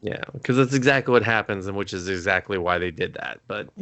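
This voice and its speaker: A man's voice: fairly low pitch, brisk, a bit bright. A man co-hosting a casual movie review chat, blunt and crude in his joking. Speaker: podcast co-host.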